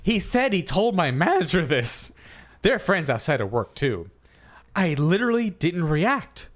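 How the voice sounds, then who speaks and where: A man co-hosting a comedy podcast, reading a listener's post aloud and then arguing his side in a playful, animated way. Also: high-pitched, unhurried. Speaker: podcast co-host.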